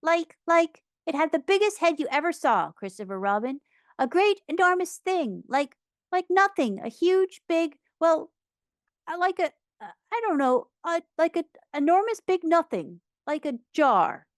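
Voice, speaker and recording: A woman voicing a small, timid, frightened male piglet in a read-aloud storybook, squeaky and stammering. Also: sing-song, slow, creaky, hardly any pauses, a bit bright, no echo, studio quality, exaggerated voice.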